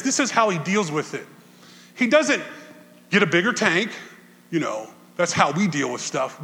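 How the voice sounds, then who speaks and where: A male pastor preaching a conversational sermon to his congregation, swinging from loud bursts to quiet asides. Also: in a large hall. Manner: conversational preaching, animated swings in pitch and volume.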